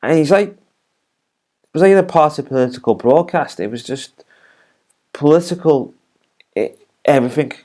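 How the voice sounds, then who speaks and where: A man's voice: on the high side, expressive, normal speed, long pauses, a little mellow. A man giving an unscripted, rambling recap of a TV episode as a reviewer, with many fillers and restarts.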